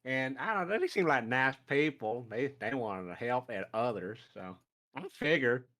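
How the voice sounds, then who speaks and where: A player puts on an eager hillbilly adventurer in a tabletop game, a cheerful, rough-edged sort with a folksy drawl. The voice is playful and bouncy, leaping up and down in pitch. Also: lively intonation, moderate pace, a bit bright, close to an everyday voice. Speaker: player character.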